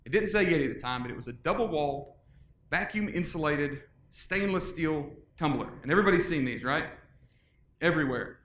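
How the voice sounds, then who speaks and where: A middle-aged man giving a casual, energetic conference talk, joking with the audience. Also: fairly high pitch, a little fast. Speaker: conference speaker. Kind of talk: live presentation. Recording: echoey conference room.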